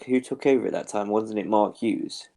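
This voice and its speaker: A man's voice: on the low side, normal speed, creaky, dark tone. A man co-hosting a casual podcast chat with dry, wry remarks. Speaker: podcast co-host.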